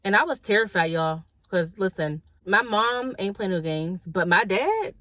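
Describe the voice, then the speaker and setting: A woman's voice: medium pitch, moderate pace, no echo. A woman vlogger telling a personal story in a casual, slangy way, acting out what people said and talking straight to her viewers. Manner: animated storytelling, acting out quoted dialogue; slangy, direct, addresses viewers as y'all. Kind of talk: storytime vlog.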